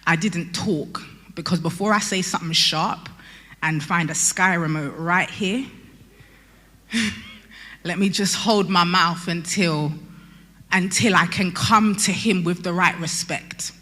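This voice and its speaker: Woman, late 20s, candid testimony with humour, bright tone, hall reverb. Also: on the low side, slow pace, pauses often. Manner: candid storytelling with light humour. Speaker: youth convention speaker. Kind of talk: personal testimony.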